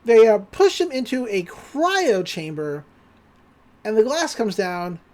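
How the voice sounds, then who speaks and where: Chatty woman podcaster recapping an episode, super animated, lots of likes and ums. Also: on the high side, takes it slowly. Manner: chatty, animated, filler-heavy. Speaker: podcast host.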